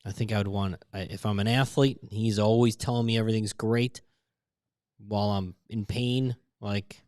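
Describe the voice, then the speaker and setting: Low-voiced man in casual podcast banter. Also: fairly even intonation, moderate pace, a little mellow, dry recording, studio quality. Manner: joking, rambling, trails off. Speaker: podcast co-host. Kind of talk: casual chat.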